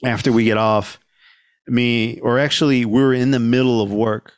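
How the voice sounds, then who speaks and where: A male podcast host telling a story, his voice sitting at an ordinary middle pitch. He keeps it loose and profane and jumps into the voices of the people in the story. The sound is dry, with no room around it. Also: normal speed, clean tone, dry recording. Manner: animated storyteller, acts out quoted people, swears freely, laughs often. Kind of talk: casual storytelling chat.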